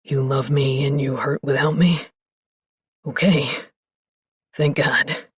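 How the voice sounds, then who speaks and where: A woman's voice: steady tone, slow pace, breathy edge, no echo, clean studio sound, heavily acted. A woman voicing a breathless lovestruck young man. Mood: overwhelmed. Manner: low, breathless, strained. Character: lovestruck young male musician, intense. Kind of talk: audiobook character voice.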